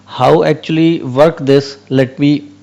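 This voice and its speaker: A channel host explaining AI concepts gives an unscripted whiteboard tutorial in a slightly high, gravelly, somewhat mellow voice. He speaks slowly and steadily but hesitantly, with many fillers, restarts, and repeated "okay"s.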